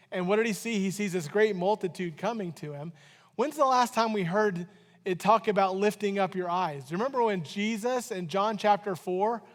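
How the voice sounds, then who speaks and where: A man preaching to his congregation with a fairly high voice and an easygoing, joking delivery. His words ring out with a long church reverb as he draws the listeners in and asks them to answer back. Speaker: pastor. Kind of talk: sermon. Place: church sanctuary.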